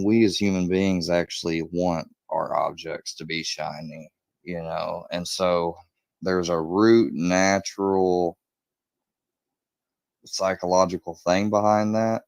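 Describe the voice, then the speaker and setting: A man's voice: deep voice, steady tone, measured pace, gravelly, dry recording. A man telling a crime story in a casual, rambling way, swearing often and acting out quoted lines in a raised voice.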